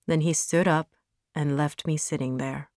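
A woman narrating a story aloud in a slow, careful reading. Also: low-pitched, fairly even intonation, a little mellow, dry recording, studio quality.

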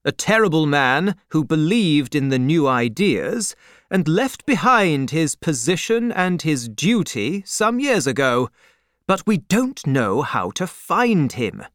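A man voicing a pompous gentleman who speaks with haughty emphasis. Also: fairly high pitch, big pitch swings, takes it slowly, no room sound, studio quality, pitched above the performer's own voice, heavily acted. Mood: disdainful.

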